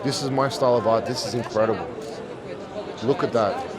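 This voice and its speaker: A man's voice: lowish voice, fairly quick. A man hosting a vlog, walking through an art festival and talking enthusiastically to his viewers. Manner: enthusiastic, talks straight to viewers. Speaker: vlog host. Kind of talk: casual walk-around vlog. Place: busy art festival hall. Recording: crowd noise behind. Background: crowd chatter.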